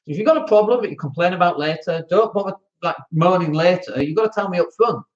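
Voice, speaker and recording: An excitable Northern English man hosting a podcast, talking casually about running rental properties with mock outrage. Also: sits high, quick pace, dull audio. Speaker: podcast host, landlord. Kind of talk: animated casual talk.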